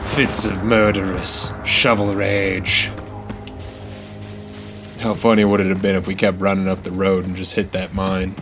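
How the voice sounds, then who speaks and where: A man streaming a video game, talking in a low, unhurried voice with wry, self-mocking asides. Game music plays clearly behind him. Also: flat delivery. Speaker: gaming streamer. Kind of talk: casual let's-play commentary.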